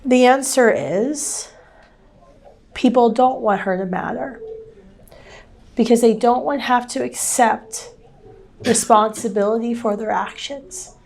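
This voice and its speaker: A woman speaking as an activist, answering a question in a measured, explanatory way. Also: fairly high pitch, gravelly, darkish tone. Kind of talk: public debate answer.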